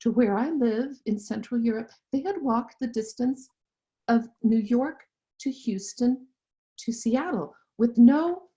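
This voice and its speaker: Earnest woman with a mellow voice. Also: fairly high pitch, measured pace. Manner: earnest and impassioned. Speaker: guest. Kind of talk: interview conversation. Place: lives in Central Europe. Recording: dull, muffled audio.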